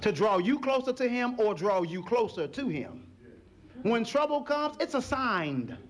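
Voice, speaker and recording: A male preacher with a high voice that swings widely in pitch as he preaches. He uses folksy phrasing and keeps calling out to the congregation for answers. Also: unhurried. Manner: animated call-and-response preaching, folksy phrasing. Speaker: pastor. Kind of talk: sermon.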